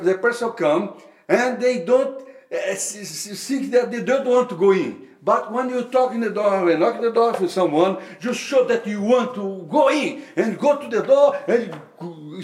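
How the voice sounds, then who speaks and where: A man with a high voice recounts a testimony in a lively, swooping way, stopping and restarting his phrases, then breaking into loud bursts of prayer. He is recorded in an echoey room. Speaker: lay preacher giving a testimony. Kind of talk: personal testimony of street evangelism.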